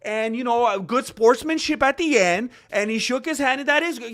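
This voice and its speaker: Extremely high-pitched and a bit bright, this MMA commentary host talks at a normal speed. He's sarcastic and opinionated on his vlog, playing out both sides of an argument.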